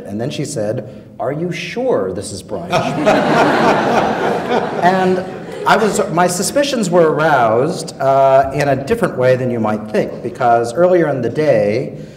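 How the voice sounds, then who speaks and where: A man on a public panel telling a story wryly, with many pauses and fillers. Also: medium pitch, a little mellow. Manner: wry, hesitant with many fillers. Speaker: panel guest, scientist. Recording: echoey hall, voice from far off.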